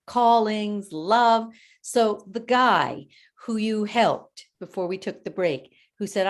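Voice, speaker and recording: A woman hosting an interview podcast, asking probing questions in a warm way. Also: medium pitch. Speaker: podcast host.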